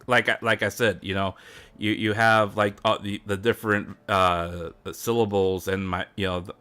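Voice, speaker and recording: A man's voice: low-pitched, a bit bright, clear, resonant tone. A man live-streaming as he practices a language, chatting casually in a rambling way and chuckling often. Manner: rambling, chuckles often while sounding out words. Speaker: live streamer learning Japanese.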